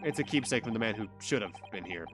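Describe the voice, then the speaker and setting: Man voicing hesitant earnest young male lawyer, halting, animated pitch, clear game music. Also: close to an everyday voice.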